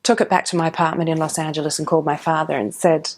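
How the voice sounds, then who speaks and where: A woman's voice: deep voice, fast talker, a little hiss or hum. A middle-aged woman, a professional cellist, telling her story in an interview with many ums and restarts. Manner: warm, animated, with frequent ums and restarts.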